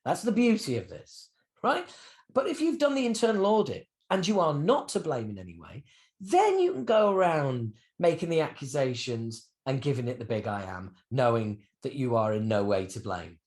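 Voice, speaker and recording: A man in his fifties talks as an interview guest, with his pitch leaping up and down as he tells stories. He swears casually and punches some words hard. His middle-range voice stays animated throughout. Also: moderate pace. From United Kingdom. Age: 50s. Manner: animated storyteller with swings in pitch and loudness, swears freely. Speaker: guest musician. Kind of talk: candid interview conversation.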